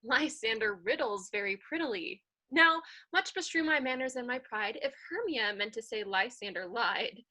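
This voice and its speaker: Gentle, proper young woman, read by a woman, bright and a bit high. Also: normal speed, poor audio.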